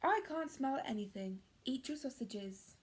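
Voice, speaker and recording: A woman voicing the giant's wife in a children's story, brisk and dismissive. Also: sits high, expressive, breathy edge, heavily acted.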